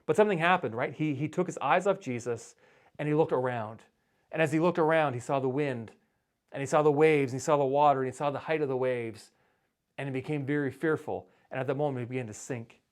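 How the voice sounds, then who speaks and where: A man's voice: mid-range voice, a little fast. Earnest conversational male pastor. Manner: conversational, earnest, with frequent restarts. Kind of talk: sermon.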